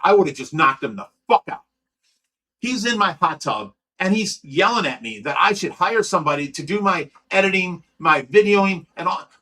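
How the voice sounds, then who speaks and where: A middle-aged man hosts a casual livestream with a high, bright, forceful voice. He rambles bluntly and heatedly, swears freely and keeps restarting his sentences. He grew up in Ohio. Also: rough recording. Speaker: fish rescue owner and livestream host.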